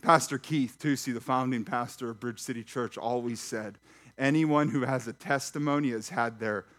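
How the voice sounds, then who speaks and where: A pastor preaching a sermon in church, lively and talking straight to the congregation with questions and jokes. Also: male voice, mid-range voice, moderate pace. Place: church sanctuary.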